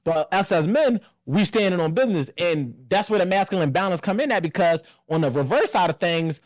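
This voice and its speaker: A man in his thirties hosting a casual podcast discussion, animated and blunt, acting out family voices and swearing freely. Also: sits high, a little fast, no echo, studio quality. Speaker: podcast host.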